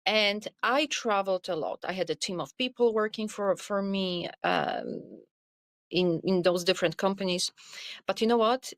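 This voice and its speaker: A middle-aged woman guest on a podcast, telling her career story in an earnest, animated way, with many "you know"s. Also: mid-range voice, moderate pace, dry recording. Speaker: podcast guest, wellness coach. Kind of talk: conversational interview storytelling.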